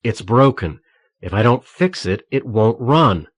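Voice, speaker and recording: A man voicing a calm male assassin posing as a technician, speaking evenly in an audiobook. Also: mid-range voice, measured pace, slightly rough, no room sound. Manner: calm, feigning a plain American voice.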